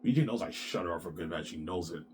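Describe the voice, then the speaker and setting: A man's voice: low-pitched, fast talker, a little hiss or hum. A man in his thirties talking in an agitated, repetitive rambling monologue, swearing a lot. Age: 30s. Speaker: vlogger.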